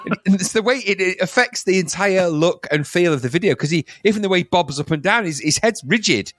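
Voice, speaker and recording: Male co-host, animated and jokey, dry close-miked read. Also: sits high, brisk, dry recording. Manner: jokey, lively, slips into silly voices. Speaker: podcast co-host. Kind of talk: casual chat.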